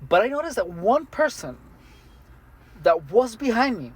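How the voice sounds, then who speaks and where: A man speaking alone to the camera in an earnest, matter-of-fact monologue, halting with many restarts and fillers. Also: sits high, very animated, slightly rough. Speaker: vlogger. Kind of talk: first-person monologue to camera.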